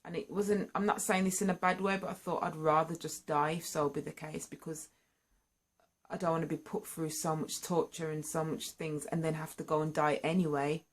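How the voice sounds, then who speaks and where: A woman telling her own story to camera, candid and earnest, and lively when excited. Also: low voice, moderate pace. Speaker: singer sharing a personal story. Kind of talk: candid personal vlog storytelling.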